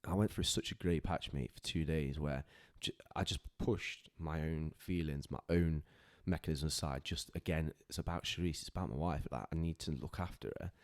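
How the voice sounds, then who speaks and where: A man's voice: rumbling low, fairly even intonation, normal speed, few pauses. A man, a podcast guest telling a personal story in an earnest, heartfelt way, often stopping and restarting his sentences.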